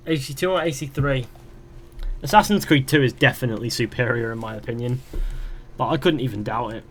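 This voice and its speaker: A young man streams gameplay, casually reading out viewer questions and rambling through his answers. He speaks in a mid-range voice, slightly fast, with a bit of background noise.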